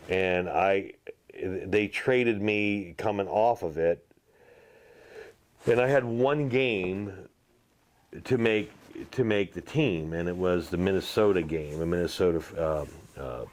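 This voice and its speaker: A man and former football player telling salty, animated anecdotes in a casual interview, full of fillers. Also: deep voice. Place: outdoors at a golf tournament.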